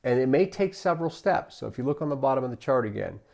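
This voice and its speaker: A man's voice: medium pitch, expressive, quick pace, gravelly, darkish tone. Man coaching staff on angry customers. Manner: coaching, repeats "right?" often, acts out customer quotes. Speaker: customer service trainer. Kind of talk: training lecture.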